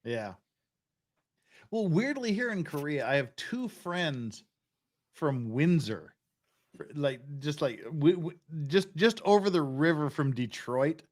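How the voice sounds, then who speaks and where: A man's voice: a little high, lively intonation, slow pace. A tipsy man hosting a casual chat, telling crude jokes and laughing often. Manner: crude, laughing joke-teller. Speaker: livestream host.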